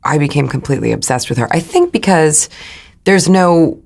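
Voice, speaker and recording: Actress guest, low voice, loose chatty laughter. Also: female voice, animated, gravelly, a little mellow. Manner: laughs often, halting restarts. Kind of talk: casual interview chat.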